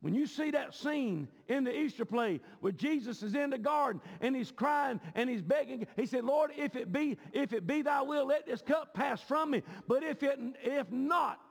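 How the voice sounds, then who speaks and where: A man preaching a sermon, often shouting with a rising cadence. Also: very high-pitched, expressive, unhurried, creaky. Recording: long hall reverb.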